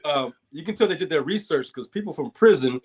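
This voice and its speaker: Lively man explaining thoughtfully. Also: a little high, a little fast, breathy edge. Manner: thoughtful, explains with small acted quotes. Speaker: movie review panelist. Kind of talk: casual chat.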